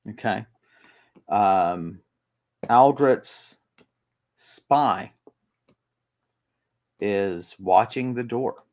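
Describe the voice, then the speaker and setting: A man guides the players through a tabletop role-playing scene. His voice sits on the low side and moves at an unhurried pace. He stops often, filling the gaps with ums as he works out what happens next. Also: darkish tone. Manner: halting, many ums and pauses. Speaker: game master. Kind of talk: narrating a tabletop game.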